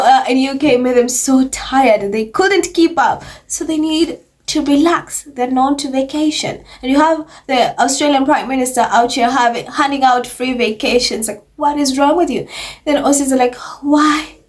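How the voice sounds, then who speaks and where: A woman's voice: high-pitched, moderate pace. A woman giving casual, chatty commentary on royal gossip, laughing often as she talks. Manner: chatty, laughs often, mocking quoted voices.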